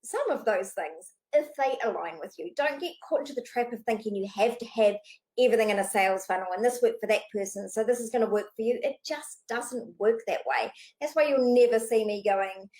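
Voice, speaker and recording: Woman business coach, slightly high voice, rapid animated unscripted delivery, casual and cheeky. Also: low-quality recording. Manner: fast-talking, animated, casual with swearing. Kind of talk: unscripted direct-to-camera coaching talk.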